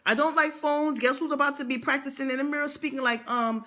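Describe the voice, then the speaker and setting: A woman's voice: sits high, fast talker, hardly any pauses, a bit bright. A young adult woman speaking, telling a motivational story with emphatic repetition and slang. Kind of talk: motivational vlog monologue.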